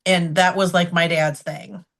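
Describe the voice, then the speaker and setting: A woman's voice: lowish voice, steady tone, unhurried, creaky, fairly bright tone. A woman in her forties, a podcast host, telling her own story in an open, emotional, chatty way. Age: 40s. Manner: open, emotional, conversational with frequent "like" fillers. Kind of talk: candid personal storytelling.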